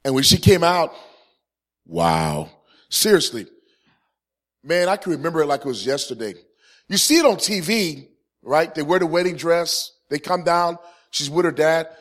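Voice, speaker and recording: A man in his forties in ministry, telling a humorous personal testimony to a live audience. He swings from loud, punchy comic lines to quiet, earnest points. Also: fairly high pitch, normal speed. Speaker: Christian ministry speaker.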